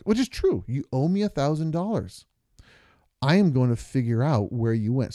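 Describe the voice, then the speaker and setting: A man's voice: medium pitch, mellow, no room sound, clean studio sound. A man co-hosting a podcast with his wife, talking earnestly through long examples and stories. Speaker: podcast co-host. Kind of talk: casual podcast conversation.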